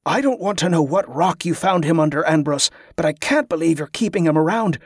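A man's voice: on the high side, lively intonation, brisk, slightly rough, no echo, clean studio sound. A man voicing a fussy, nervous male merchant who talks in a prim, strained way. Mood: fretful prim.

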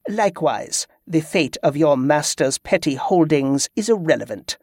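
A man's voice: a little high, animated, normal speed, darkish tone, husky, no echo, studio quality. A man voicing a scornful, dismissive scholar. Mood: mocking. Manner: mocking, dismissive. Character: scornful male scholar with spectacles.

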